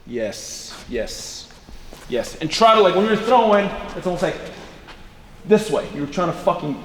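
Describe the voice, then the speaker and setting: A man coaching throwing in casual talk, hyped up and swearing freely, with loud cheering bursts. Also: sits high, big pitch swings, a little slow. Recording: echoey, distant mic, background noise.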